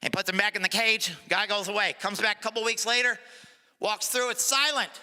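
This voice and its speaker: A man's voice: high voice, fairly quick, clean tone. A middle-aged man doing live stand-up comedy, slipping into character voices as he tells jokes. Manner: animated, jumps into character voices. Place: comedy stage before an audience. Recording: live venue with long reverb.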